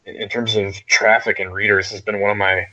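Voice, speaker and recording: A man, a guest game reviewer, chatting casually on a podcast in a relaxed, rambling way with many filler words. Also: on the low side, fairly quick. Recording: dull lo-fi audio.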